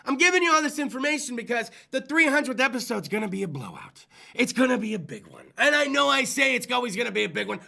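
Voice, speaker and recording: This small-studio talk show host talks fast with big pitch swings, vocal fry, and a pushed, bright sound. He rambles in hyped, profane call-in banter, cursing freely and slipping into goofy low voices.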